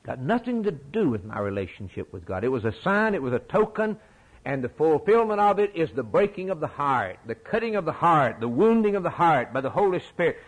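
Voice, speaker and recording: A man's voice: fairly high pitch, sing-song, brisk, breathy edge, rough recording. A middle-aged man preaching a sermon in a folksy, emphatic way, repeating his key phrases.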